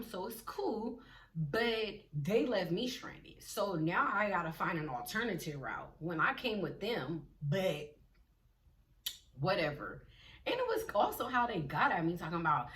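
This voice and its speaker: A young woman telling a storytime vlog in an animated, slangy way, acting out the quotes of the people in it. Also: medium pitch, unhurried, far from the mic. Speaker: vlogger.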